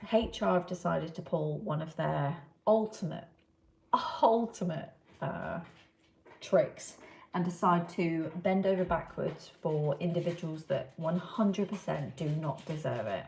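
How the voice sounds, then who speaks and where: A woman's voice: on the low side, darkish tone. A woman, chatting casually with viewers as a livestream host and reading out their comments. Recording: echoey room with clear background noise.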